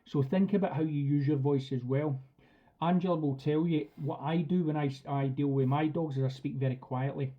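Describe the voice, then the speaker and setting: Male dog trainer, chatty and direct, slightly high voice, dull lo-fi stream audio. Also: steady tone, moderate pace. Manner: chatty and direct, acts out commands. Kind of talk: live online class talk.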